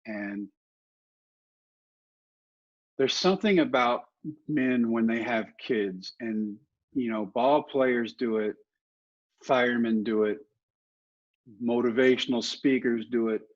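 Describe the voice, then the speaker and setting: A middle-aged man, a former ballplayer, tells animated stories in a casual podcast interview and acts out other people's lines. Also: mid-range voice, measured pace, highs cut off. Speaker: guest, former ballplayer and motivational speaker.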